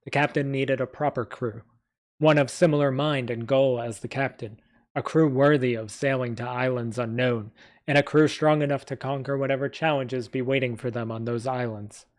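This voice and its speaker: A man's voice: medium pitch, fairly even intonation, moderate pace, close to an everyday voice. A pirate crewmate telling the tale of his captain, as read by a man. It is a plain, unpracticed read of a fantasy story, not a polished performance, with the odd slip along the way. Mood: storytelling. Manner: plain unpracticed reading with slips. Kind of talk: reading a fantasy story aloud.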